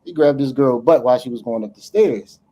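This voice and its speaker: A man co-hosting a casual podcast, telling a story in an animated, profane way and acting out the dialogue. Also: medium pitch, a little fast. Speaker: podcast co-host.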